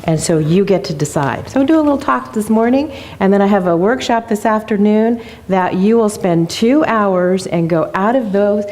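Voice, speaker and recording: An enthusiastic woman speaks to a church congregation as a guest speaker. She tells stories with energy, in a voice of ordinary middle pitch. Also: normal speed, hardly any pauses, a little mellow. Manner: enthusiastic, storytelling. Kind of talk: motivational church talk. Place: church sanctuary.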